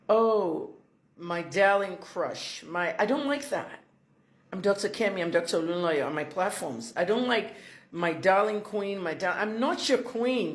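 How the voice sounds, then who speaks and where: A woman's voice: on the low side, reverberant. A woman giving chatty, indignant commentary to her fans in a casual vlog.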